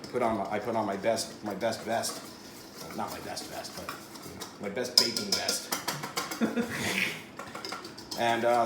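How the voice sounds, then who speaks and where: A man's voice: mid-range voice, noisy background. A man hosting a casual cooking demonstration at home, rambling and joking, with lots of fillers and restarts. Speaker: cooking show host. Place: home kitchen. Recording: echoey kitchen with clattering dishes. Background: clattering pots and dishes.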